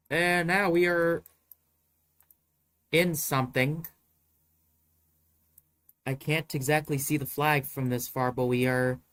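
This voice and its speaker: A man's voice: mid-range voice, sharp tone, no room sound. A man giving live commentary as he plays a geography guessing game, rambling and swearing in exasperation. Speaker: streamer.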